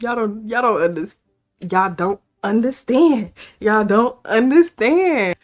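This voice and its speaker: A woman vlogger talking casually to camera in a playful, excitable way, hyping herself up. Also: a little high, slow pace, soft background music. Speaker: beauty vlogger.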